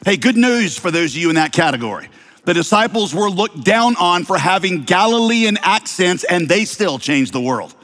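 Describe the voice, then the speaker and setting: In a church sanctuary with the long reverb of a big hall, a male pastor with a slight Southern American accent preaches conversationally, using humor and rhetorical questions. His fairly high, somewhat bright voice is very animated and moves at a normal pace.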